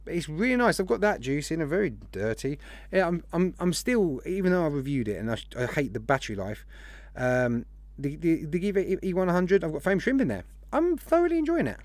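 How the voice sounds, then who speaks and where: A man's voice: a little high, very animated, a little fast, darkish tone, no echo. Chatty man hosting a stream. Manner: chatty, rambling, greets viewers one by one. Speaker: live stream host. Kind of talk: casual live stream chat.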